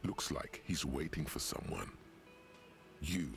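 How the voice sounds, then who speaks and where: Gravelly deep game narrator. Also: male voice, soft background music, heavily acted. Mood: dry. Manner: dry, measured observations. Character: brooding male inner-voice narrator of a detective game.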